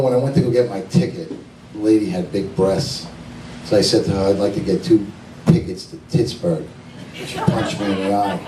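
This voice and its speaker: A man doing stand-up, telling jokes in a dry, deadpan way and laughing at his own punchlines. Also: lowish voice. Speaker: stand-up comedian. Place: lounge club stage. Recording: echoey club from far off, noisy.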